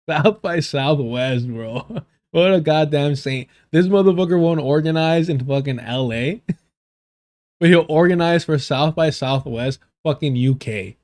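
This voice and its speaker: The voice is male, fairly high-pitched yet darkish, delivered slowly. He's a livestream commentator reacting to clips, swearing a lot, mocking those he covers, and mimicking them in cartoonish voices.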